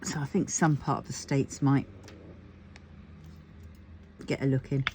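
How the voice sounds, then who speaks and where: Lady with a low voice rambling to her camera at home, lots of ums, faint typing in the background. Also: little pitch movement, a little slow, a little mellow, a little hiss or hum. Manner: chatty, rambling, thinking aloud with many fillers. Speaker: crafting vlogger. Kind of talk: casual chat to camera.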